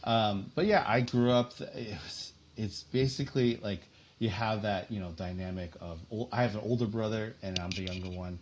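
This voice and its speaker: A man's voice: lowish voice, moderate pace. A man from New Jersey in his thirties, chatting as an interview guest with lots of fillers and laughter. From central New Jersey, US. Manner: chatty and rambling, laughs often, many fillers. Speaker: guest artist. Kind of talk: casual interview chat.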